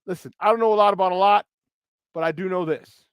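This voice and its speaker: A man hosting a morning sports talk show from a studio, hyped and playful as he shouts out listeners in the chat. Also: high-pitched, quick pace, clear, resonant tone, no echo. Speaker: sports talk radio host.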